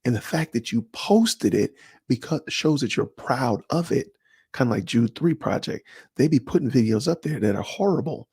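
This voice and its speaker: A man hosting a livestream, chatting casually and answering viewers by name in an animated, slangy way. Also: mid-range voice, moderate pace, gravelly, husky, dry recording, clean studio sound. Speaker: livestream host. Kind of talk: casual livestream chat reading comments.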